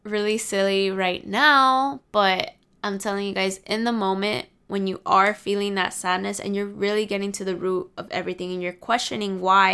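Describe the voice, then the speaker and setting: A woman's voice: mid-range voice, sharp tone, clean tone. A young adult woman vlogger giving casual, candid life advice to her viewers, confiding and swearing freely.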